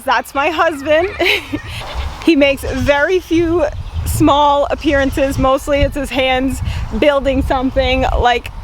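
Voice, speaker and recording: A woman from Rhode Island gives a relaxed farm vlog, her voice high and her delivery slow and unhurried. She sounds cheerful and breaks into small laughs between sentences. A faint outdoor hiss sits behind her. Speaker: farm vlogger. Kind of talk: casual vlog chat.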